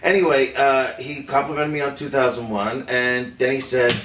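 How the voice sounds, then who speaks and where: An actor playing an older film director who recalls a secret White House meeting, telling it haltingly with many fillers and restarts. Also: male voice, mid-range voice, fairly even intonation, fairly bright tone, lightly acted. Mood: hesitant. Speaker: actor in a staged confession. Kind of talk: rehearsed improvised storytelling. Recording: roomy, distant mic, faint room noise.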